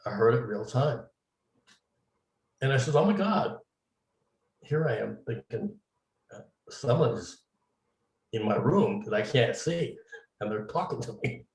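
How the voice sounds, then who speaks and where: A man's voice: medium pitch, measured pace, vocal fry, long pauses, a little mellow. A man being interviewed, telling his story casually and acting out the dialogue he quotes. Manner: recounts events at length, acting out quoted dialogue. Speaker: interview guest, medium. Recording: roomy, distant mic.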